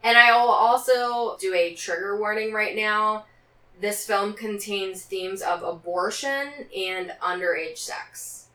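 This woman speaks slowly in a mid-range voice with a sharp tone and fairly even intonation. She's co-hosting a casual film podcast, reading notes between banter and laughing a lot, and the mic sounds roomy and a bit distant.

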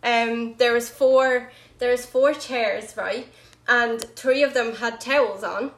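A woman telling a story in a casual chat, animated, full of "like" and "right?", laughing often. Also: a little high, takes it slowly. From Ireland. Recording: roomy echo.

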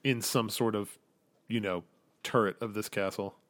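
A man's voice: lowish voice, steady tone, normal speed. A young man as game master, narrating a tabletop game in a casual, rambling way full of fillers. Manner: casual, filler-heavy, describes scenes.

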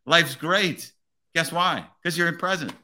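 A police officer hosting a podcast, talking in an earnest, motivational way and often checking in with "right?". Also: male voice, a little high, measured pace, pushed and bright. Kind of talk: casual podcast conversation.

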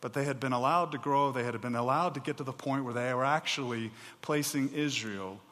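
A man delivers a sermon in a mid-pitched voice, shifting between emphatic preaching and relaxed, chatty asides to his listeners. The recording carries a long hall reverb around him. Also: brisk. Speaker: pastor.

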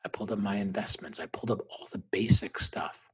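Husky-voiced middle-aged man, emphatic. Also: fairly low pitch, fast, in a whisper. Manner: emphatic, intense, punchy repeated phrases. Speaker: guest, motivational speaker. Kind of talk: emotional personal storytelling.

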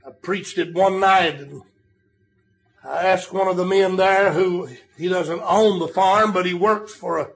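High-voiced older preacher shouting emphasis. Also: male voice, fairly even intonation, unhurried, vocal fry. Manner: storytelling, rising to shouted emphasis. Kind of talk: sermon.

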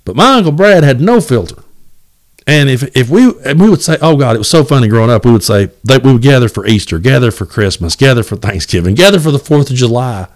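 A man's voice: medium pitch, lively intonation, quick pace. A man hosting a solo podcast, talking in a blunt, fired-up and profane way, often repeating words as he restarts. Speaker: podcast host.

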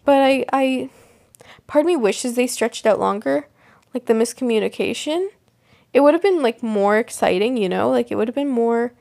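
A woman's voice: on the high side, vocal fry, mellow. A young woman hosting a casual solo podcast, rambling with lots of fillers and restarts. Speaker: podcast host. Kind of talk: casual solo podcast chat about a TV show.

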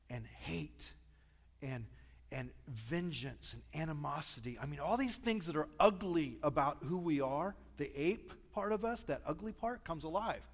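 Chatty Midwestern pastor in a big hall. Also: male voice, fairly high pitch. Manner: storytelling, chatty, self-deprecating humor. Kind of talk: sermon. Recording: long reverb of a large church hall.

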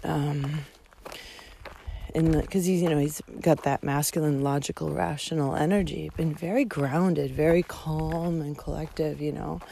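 Candid swearing woman, gravelly voice. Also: low voice, warm tone, slight background noise. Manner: candid and emotional, swears often, many fillers. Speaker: podcast host hiking a long-distance trail. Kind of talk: casual personal monologue.

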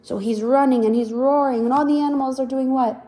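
A woman reading a picture book aloud to a child, pausing to ask questions about the pictures. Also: sits high. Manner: animated, asks the child questions. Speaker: reader to a child.

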